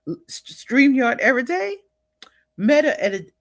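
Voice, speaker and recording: A woman's voice: fairly low pitch, expressive, slow, no echo, clean studio sound. An older woman hosting a livestream in a casual, upbeat way, often laughing and greeting viewers by name. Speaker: livestream host.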